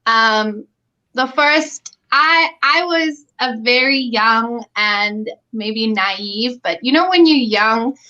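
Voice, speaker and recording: Bright-voiced South African woman chatting. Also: fairly high pitch, takes it slowly. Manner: animated storyteller, laughs often, acts out quoted dialogue. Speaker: guest. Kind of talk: casual chat on a live stream. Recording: muffled lo-fi audio.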